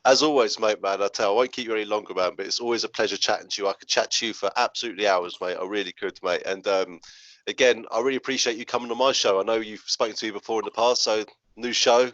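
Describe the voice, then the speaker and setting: A man hosting a casual interview over a video call from his spare room at home, loud and chatty, calling his guest "mate" again and again. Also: on the low side, fairly even intonation, fast, no echo, muffled recording. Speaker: podcast host. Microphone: laptop or phone over a video call.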